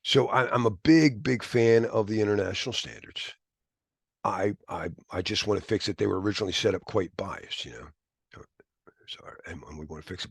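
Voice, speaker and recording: Brief: low, gravelly male instructor, rambling and animated, dry sound. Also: no echo. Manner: rambling, animated, with whispered asides. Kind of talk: live classroom lecture.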